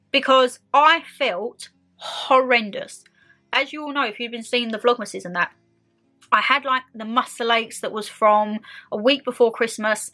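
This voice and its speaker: Bright-voiced chatty British young woman. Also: on the high side. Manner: chatty, outspoken and expressive. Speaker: vlogger. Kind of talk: casual sit-down chat.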